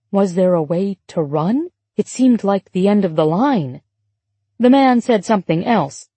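A woman reading a novel aloud in steady scripted narration. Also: mid-range voice, slightly rough, no echo. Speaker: audiobook narrator.

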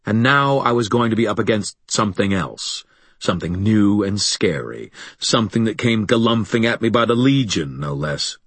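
A man narrates a first-person audiobook in a wry, sardonic way. His voice is low and husky, recorded close with a dry, dead sound. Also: animated, normal speed, a bit bright, no room sound.

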